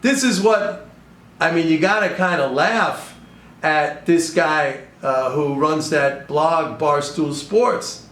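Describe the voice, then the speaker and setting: Exasperated high-voiced man ranting about markets. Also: takes it slowly, a bit bright. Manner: sarcastic, exasperated, rambling. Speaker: podcast host and trader. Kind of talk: casual commentary monologue. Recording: echoey room.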